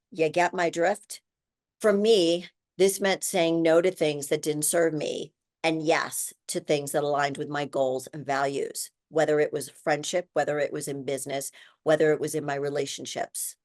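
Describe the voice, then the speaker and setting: Earnest woman in her sixties, encouraging. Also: on the low side. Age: 60s. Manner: earnest, encouraging, speaks directly to women listeners. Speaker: podcast host. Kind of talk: heartfelt solo podcast monologue.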